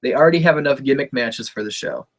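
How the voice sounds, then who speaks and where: A man co-hosting a casual wrestling podcast, relaxed and profane, laughing easily. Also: medium pitch, fast. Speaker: podcast co-host.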